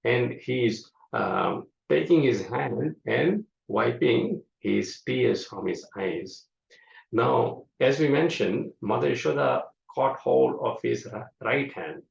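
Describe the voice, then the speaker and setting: A man teaching a scripture class, explaining slowly with many fillers. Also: mid-range voice, animated, vocal fry. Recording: echoey room, dull lo-fi sound.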